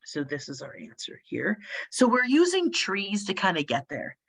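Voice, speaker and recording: A woman math instructor working problems aloud in a casual, sleepy lecture, thinking out loud as she goes. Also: medium pitch, huge pitch swings, normal speed, gravelly, slightly rough. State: sleepy, yawning.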